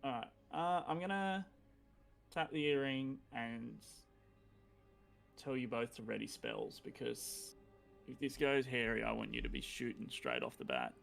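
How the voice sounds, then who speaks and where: A man chats through a tabletop game, joking with the table. His pitch swings widely, and his voice carries a gravelly texture. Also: very animated, a little slow, fairly bright tone, faint music behind. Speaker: player. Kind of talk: casual tabletop play.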